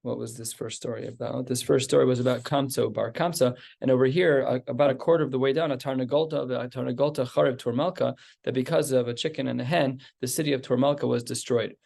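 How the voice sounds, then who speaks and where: A man, a rabbi, teaching a Talmud lesson, reading Aramaic phrases and explaining them in a relaxed, conversational way. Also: medium pitch, quick pace, gravelly, few pauses. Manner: reads Aramaic then translates, conversational.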